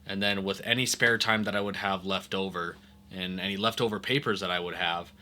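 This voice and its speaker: A man playing in a tabletop game, describing his actions slowly and hesitantly. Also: sits low, steady tone, sharp tone, slight background noise. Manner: slow and hesitant, many fillers. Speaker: player. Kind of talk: tabletop role-play, in character.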